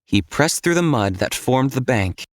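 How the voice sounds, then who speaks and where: A man reads an audiobook in a steady, measured way. His voice sits at an average male pitch. The recording is dry and close, with no room sound. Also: no room sound. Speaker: audiobook narrator. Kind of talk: scripted audiobook narration.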